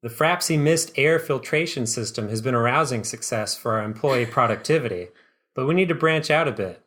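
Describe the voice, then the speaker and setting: A man's voice: medium pitch, animated, fairly quick, a bit bright, natural voice. A man voicing a pasty, unkempt male company boss who talks in awkward, smarmy sales patter. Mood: smarmy pitch.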